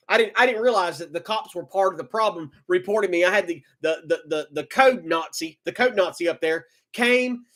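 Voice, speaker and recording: High-voiced agitated man telling his story. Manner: agitated, repeats words, swings from shouting to low muttering. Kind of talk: emotional personal monologue.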